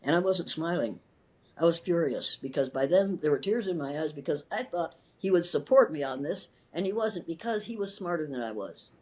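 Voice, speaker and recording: A woman's voice: low-pitched, lively intonation, moderate pace, a little mellow. An older woman from Iowa, a retired schoolteacher telling her story in an interview, impassioned and emphatic, repeating words and restarting sentences. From Iowa, USA.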